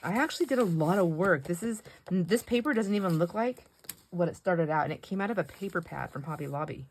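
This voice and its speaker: Woman, lowish voice, rambling craft chat, faint hiss behind. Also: animated, fairly quick. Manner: rambling, chatty, laughs often. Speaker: craft vlogger. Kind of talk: casual craft chat while painting.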